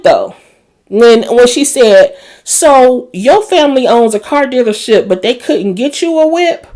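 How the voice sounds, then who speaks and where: A woman hosting a casual TV episode recap, chatty and emotional, with a Black lilt. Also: medium pitch. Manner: chatty and animated, emotional asides. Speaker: recap host.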